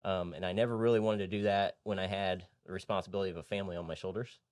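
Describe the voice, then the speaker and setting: Talking very fast in a deep, steady, slightly mellow voice, a man from Indianapolis recounts his story as a guest on a podcast. He works in real estate and comes across as earnest, easygoing and prone to rambling, and the studio recording has no echo.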